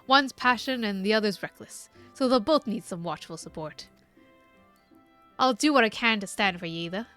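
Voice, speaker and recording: Folksy older male summoner with a gruff dialect, read by a woman, dropping to a lower, quieter voice for him. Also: animated, moderate pace, faint music behind, lightly acted. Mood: gruff, fond. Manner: drops into dialect words like 'me' and 'ye'.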